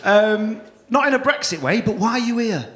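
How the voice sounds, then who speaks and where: A male compere does brash, sweary crowd work at a stand-up comedy club, teasing the audience. His high, fairly bright voice is expressive and bounces around a lot at a normal speed. The stage mic picks up echo ringing through the room.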